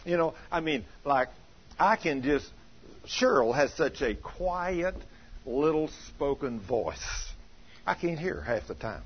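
A husky-voiced man preaching in a lively, swooping way, telling homely stories and putting on the voices of the people in them. His pitch moves all over as he talks. The recording is dull and lo-fi. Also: slow. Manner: animated, acts out quoted voices, breaks into shouts. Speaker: pastor. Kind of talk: folksy sermon with storytelling.

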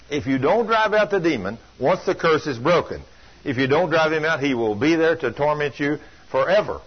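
An older man preaches with a drawl, his voice a little husky and pitched somewhat high. He tells folksy stories, swinging from loud, urgent passages down to hushed ones. The recording sounds dull and lo-fi. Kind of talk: sermon.

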